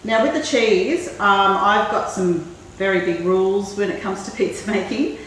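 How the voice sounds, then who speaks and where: A woman hosting a cooking show, chatting in a relaxed way and thinking aloud as she works. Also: mid-range voice, moderate pace. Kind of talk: casual cooking demonstration. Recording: very echoey room, mic far off, faint noise.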